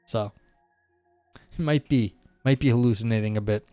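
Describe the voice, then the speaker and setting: A man's voice: medium pitch, moderate pace, mellow, no echo, faint music behind. A man reading a philosophy text aloud on a live stream and commenting in a rambling way, full of "you know" and "like". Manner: rambling, filler-heavy, frequent "you know" and "like".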